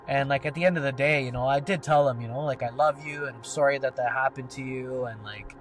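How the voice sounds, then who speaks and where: A man's voice: mid-range voice, fast. A man telling a personal story on a podcast, rambling and swearing, with lots of filler words. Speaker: podcast co-host. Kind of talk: casual storytelling.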